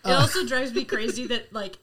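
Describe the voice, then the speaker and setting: A young adult woman co-hosting a podcast in casual chat, giggly and teasing, quick to jump in. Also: on the high side, bright, forceful tone. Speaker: podcast co-host.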